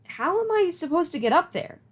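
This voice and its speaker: A woman voicing an excitable young boy hero, talking with breathless, boyish eagerness. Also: very high-pitched, a little fast, voice pushed up. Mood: incredulous.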